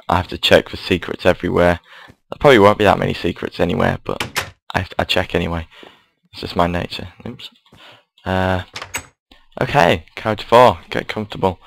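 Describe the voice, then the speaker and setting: A man's voice: low-pitched, fairly even intonation, normal speed, gravelly, a little hiss or hum, poor audio. A young man, casually commenting as he plays a game and reads its story aloud, rambling and apologetic. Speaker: gamer.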